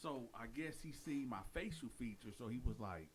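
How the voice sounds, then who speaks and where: A man casually telling a prison story in streetwise slang, animated and direct. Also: mid-range voice, normal speed, hardly any pauses, a little hiss or hum.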